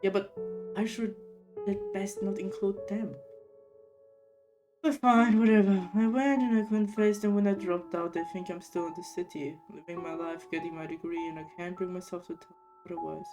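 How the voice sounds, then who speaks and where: A woman voicing a troubled young man in a game, speaking in a subdued, halting way. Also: mid-range voice, fairly even intonation, music in the background, close to an everyday voice. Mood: weary.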